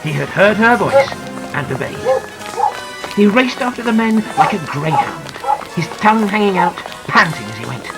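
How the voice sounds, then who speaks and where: Expressive man narrating an adventure storybook. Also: high voice, normal speed, poor audio. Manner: dramatic, very expressive. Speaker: audiobook narrator. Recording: narration over clear music.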